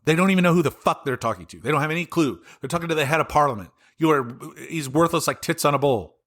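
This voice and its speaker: A man's voice: fairly high pitch, lively intonation, quick pace, a bit bright. A man with a Southern US accent hosting his own podcast, ranting angrily and profanely about politics in a solo commentary. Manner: angry, profane, exasperated ranting. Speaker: podcast host.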